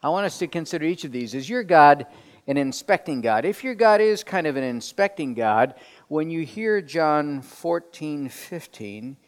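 A man leading a group Bible study in a conversational sermon style, asking questions and swinging from soft to emphatic. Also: a little high. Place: room with people around tables. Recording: long hall reverb.

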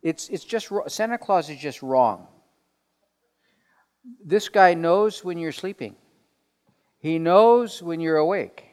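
A man leading a group Bible study in a conversational sermon style, asking questions and swinging from soft to emphatic. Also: a little high, animated, slow, pauses often, clean tone. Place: room with people around tables. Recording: long hall reverb.

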